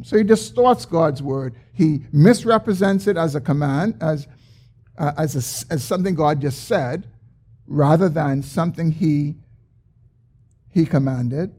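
Male pastor, sermon, high voice, husky tone, slow emphatic stresses. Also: mellow. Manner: expository preaching, emphatic with drawn-out stresses.

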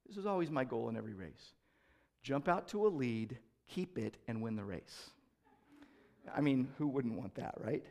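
This man, a pastor with a medium-pitched, gravelly voice, preaches expressively at a moderate pace. His sermon swings from loud declarations to softer reflective moments, full of repeated phrases and rhetorical questions.

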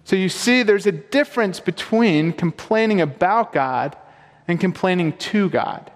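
A man's voice: high-pitched, lively intonation, measured pace, long reverb tail. A man preaching a sermon in an earnest, emphatic way, often rising into questions. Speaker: pastor.

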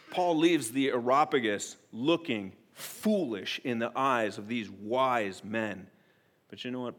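A man preaching a sermon as a pastor. He speaks earnestly and directly to his congregation, moving between hushed, intimate appeals and loud, emphatic declarations. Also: on the low side.

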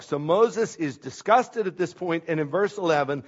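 In a church sanctuary, a pastor with a slightly high, husky voice for a man preaches expressively at a moderate pace with few pauses. He hits key words hard, then drops into quiet asides. The recording is dull and lo-fi, with the top end cut away.

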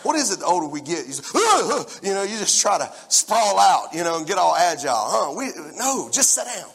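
A man in his forties preaching a lively sermon and talking straight to the congregation in a church hall. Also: sits high, fairly quick, vocal fry, husky. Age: 40s. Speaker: pastor. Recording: long church-hall reverb.

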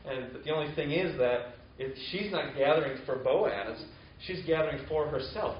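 A man's voice: on the high side, moderate pace, slight background noise. A man giving a sermon, retelling a Bible story in a conversational way with casual asides. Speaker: preacher. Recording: roomy, dull-sounding recording.

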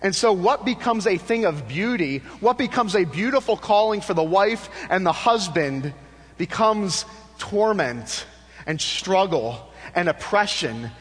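A male pastor preaching a sermon, shifting between lifted emphatic lines and hushed, low passages. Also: lively intonation, measured pace, husky, big-room sound.

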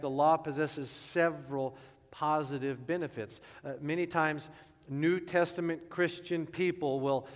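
A man in his thirties preaching a sermon, conversational and joking, who breaks into playful character voices while telling stories. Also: on the high side. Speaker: pastor. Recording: long hall reverb.

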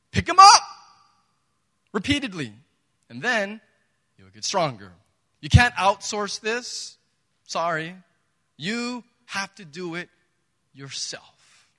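The pastor's voice is high and sharp as he delivers a sermon, speaking emphatically and conversationally and asking rhetorical questions. He's in a church sanctuary, and the hall sounds reverberant.

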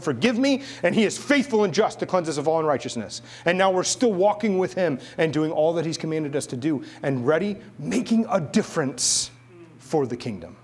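A middle-aged man delivers a sermon in a husky, slightly breathy voice. He tells stories with jokes, then builds quiet, emphatic lists to drive the point home. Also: fairly high pitch. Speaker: preacher. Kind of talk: sermon with personal story.

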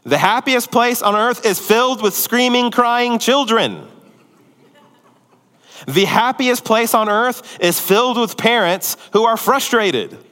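Animated preacher man in a reverberant hall. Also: very high-pitched, slow. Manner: animated, swings from loud excitement to hushed near-whispers. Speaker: pastor. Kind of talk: sermon.

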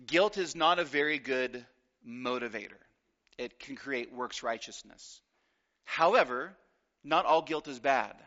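A man preaching a sermon, emphatic, with deliberate pauses and repeated phrases. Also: mid-range voice, pushed and bright, highs cut off. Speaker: pastor.

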